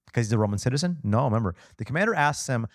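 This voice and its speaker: A male pastor giving a conversational sermon, peppering the congregation with rhetorical questions and expressive asides. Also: medium pitch, rapid-fire, no echo, clean studio sound. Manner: casual and expressive.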